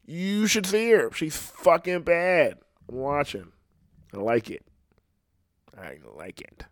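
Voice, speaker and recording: A man hosting a casual podcast, rambling and swearing freely, swinging between loud outbursts and low muttering into a podcast microphone. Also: very animated, slow, no echo, studio quality. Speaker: podcast host.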